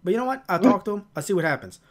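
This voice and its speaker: Man riffing as a cranky old New York man who cusses nonstop, voice lifted higher and louder than his own. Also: lively intonation, very fast. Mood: grumbling. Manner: swearing, gruff rants. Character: foul-mouthed grumpy old man, rude and crude.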